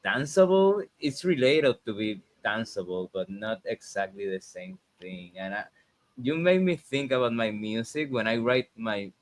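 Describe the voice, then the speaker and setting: A man's voice: lowish voice, animated, measured pace. A man hosting a casual conversation, reflective and thinking aloud with frequent restarts. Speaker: host and composer.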